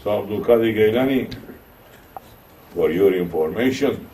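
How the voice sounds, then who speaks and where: A man's voice: moderate pace, a little hiss or hum. A man with a Turkish accent, a Sufi shaykh, tells a story in a sermon and acts out the voices of its characters. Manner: animated storytelling, acting out quoted voices with rising pitch. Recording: distant mic with faint room ambience.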